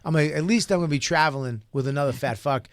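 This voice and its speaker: A man's voice: on the high side, fast talker, dry recording, clean studio sound. A man, a comedian, in casual chat, telling stories in a blunt, profane, wry way. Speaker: comedian guest.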